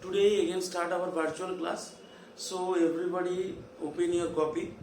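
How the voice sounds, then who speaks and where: A high-voiced man with an Indian English accent leads a virtual class, slowly drilling each term over and over. He sits well away from the mic, so the room rings with echo under a faint hiss. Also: flat delivery, a little mellow, recorded from a distance. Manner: slow, repetitive drilling of terms. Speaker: teacher.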